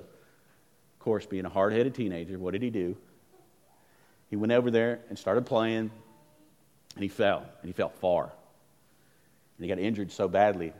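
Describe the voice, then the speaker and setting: A pastor with a lowish voice preaches a sermon, telling stories emphatically. He swings between loud emphasis and hushed lines.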